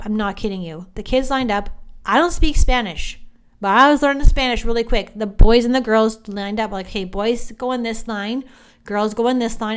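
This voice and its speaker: A woman hosting a podcast, talking in a chatty, animated monologue, often restarting her sentences. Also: medium pitch, smooth. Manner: chatty, animated, self-interrupting. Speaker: psychic podcast host. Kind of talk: casual monologue.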